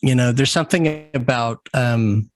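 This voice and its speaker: A man talks as a guest in a relaxed chat, friendly and full of small hesitations. His voice sits at an ordinary mid pitch. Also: a little slow. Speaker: guest, coach and writer. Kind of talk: casual interview chat.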